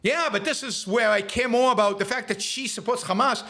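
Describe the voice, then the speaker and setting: A man's voice: very high voice, a little fast, pushed and bright. A man hosting a live show, ranting emphatically and heatedly about public figures. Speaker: podcast host.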